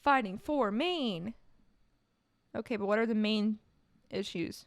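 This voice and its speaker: A woman from California, a streamer doing live stream commentary, reading aloud and reacting in a casual, wry way that breaks into quick laughs. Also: a little high, fairly bright tone, no room sound, clean studio sound.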